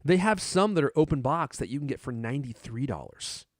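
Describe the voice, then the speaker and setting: Man, podcast co-host, casual tech chat, lively swinging pitch, dry close sound, jokey and rambling. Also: fairly quick, dry recording. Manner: joking, rambling, laughs often.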